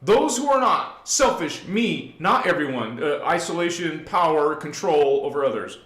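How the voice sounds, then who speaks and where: A man's voice: a little high, expressive, moderate pace. Emphatic man preaching in an echoey room. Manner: emphatic, swings from hushed to loud; preachy, addresses listeners directly. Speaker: spiritual channel host. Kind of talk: live-streamed spiritual talk.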